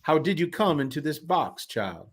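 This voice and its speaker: Guy doing a pompous old carnival barker, slow and high, fancy old-timey talk. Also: big pitch swings, slightly rough. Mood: grandiose. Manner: slow, grandiose, old-fashioned phrasing. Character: bearded, cigar-smoking old carnival showman, formal.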